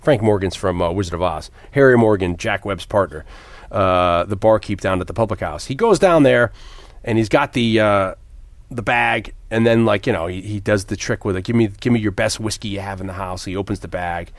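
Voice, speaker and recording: A man's voice: fairly low pitch, moderate pace, no room sound. A man casually retelling a film plot on a podcast, acting out the characters and swearing freely. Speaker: podcast co-host. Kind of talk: casual movie recap chat.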